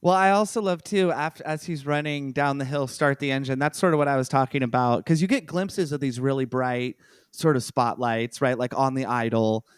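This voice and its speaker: A man's voice: medium pitch, moderate pace, clear, resonant tone, no room sound. A man in casual film podcast chat, enthusiastic and apologetic, correcting himself as he talks. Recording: dry close mic.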